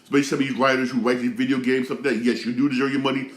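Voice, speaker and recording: A man's voice: mid-range voice, level tone, rapid-fire, echoey room. A man in his thirties hosting his own show, ranting casually with lots of slang, repeats and restarts. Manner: repetitive, heated, slangy, many restarts. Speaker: show host. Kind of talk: casual rant commentary.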